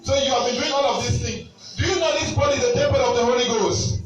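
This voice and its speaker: A man with a high voice leads a deliverance prayer, firing commands and questions and repeating them. He is recorded from a distance in a very echoey hall, with faint music underneath. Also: fast, dull audio. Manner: commanding, interrogating, repeats himself. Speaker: prophet leading a deliverance.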